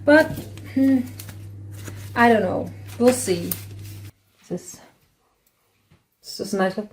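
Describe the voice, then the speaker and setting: A woman's voice: a little high, expressive, takes it slowly, a little hiss or hum. A woman chatting casually in her home kitchen while baking and tasting, thinking aloud as she goes. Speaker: cooking vlogger.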